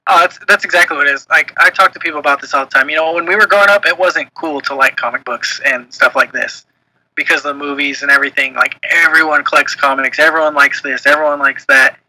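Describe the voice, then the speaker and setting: A young man co-hosting a casual chat, his tone very sharp and tense and a little high for a man. He talks bluntly and with emphasis, and he swears freely. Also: steady tone, fast talker, no room sound, low-quality recording. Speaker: podcast co-host.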